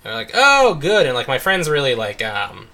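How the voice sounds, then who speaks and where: A young man talks through a video game session in loose, rambling chat, leaning on "like" and "um". His voice has a bright, forward edge at an ordinary middle pitch. He is recorded at home on a desk microphone. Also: lively intonation, fast talker, vocal fry. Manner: rambling, full of "like" and "um". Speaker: let's play host. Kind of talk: casual chat while gaming.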